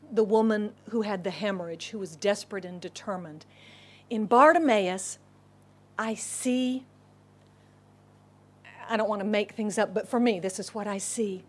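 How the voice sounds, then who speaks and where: A middle-aged woman preacher delivers a sermon, her voice sitting a little high. She tells the story with animation, acting out the crowd and sometimes sinking to a whisper. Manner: drops to a whisper for inner thoughts. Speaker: pastor.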